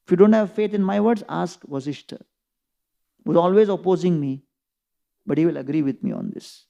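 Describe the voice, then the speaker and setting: A man's voice: fairly high pitch, very animated, normal speed, creaky, mellow. A man voicing an indignant old male sage who scolds a king in a retold scripture story, repeating his rebukes one after another. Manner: chastising, rhetorical repetition.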